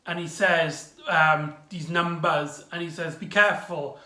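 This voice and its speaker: A man giving a casual, rambling recap review of a TV episode, excitable and full of exclamations. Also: a little high, slow. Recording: echoey room.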